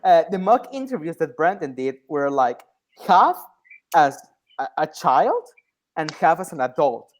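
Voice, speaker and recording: A woman's voice: sits low, sing-song, measured pace. A woman playing in a tabletop game, chatting casually and gushing with enthusiasm. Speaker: tabletop player. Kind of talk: casual chat.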